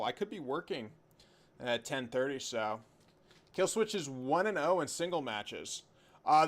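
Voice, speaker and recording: A young man hosting a live wrestling watch-along, rambling and joking while he reads and answers chat by name. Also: on the high side. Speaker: livestream host reacting to wrestling.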